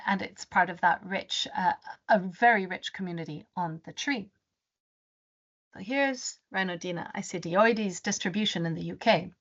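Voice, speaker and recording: A woman presenting a webinar as a rainforest advisor. She tells her story in an animated way and often restarts her sentences. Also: mid-range voice. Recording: dull lo-fi webinar audio.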